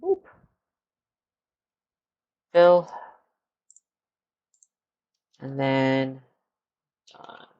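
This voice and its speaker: Young male streamer, tired and unhurried, mutters to himself at his desk mic. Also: medium pitch, huge pitch swings, darkish tone, clean tone, highs cut off. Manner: rambling, muttering to himself, answering chat questions. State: tired, yawning. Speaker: live streamer. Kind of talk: casual live-stream chat while working.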